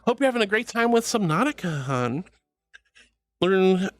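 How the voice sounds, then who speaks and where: Lively, playful woman streamer. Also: medium pitch, moderate pace, dry recording. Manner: playful and dramatic, often laughing; calls viewers honey and sweetie. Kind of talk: casual livestream chat.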